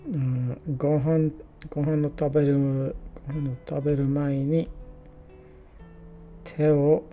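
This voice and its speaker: A man streams his Japanese study, slowly sounding out practice sentences with lots of restarts and chatting casually in between. His voice is a little high, and the recording's highs are cut off.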